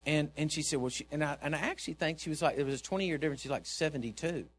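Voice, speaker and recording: A man, a pastor preaching a sermon in church, telling a story and swinging from hushed asides to loud exhortation. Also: fairly high pitch, very fast, slightly rough.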